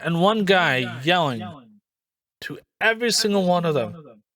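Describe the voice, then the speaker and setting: A man narrating as game master of a tabletop game, setting scenes in an unhurried, descriptive way. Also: on the high side, sing-song, crowd noise.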